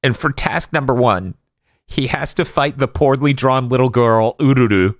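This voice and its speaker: A man on a casual podcast recapping anime episodes, laughing often and acting out characters' lines in quick voices. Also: medium pitch, no room sound, studio quality. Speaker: podcast co-host.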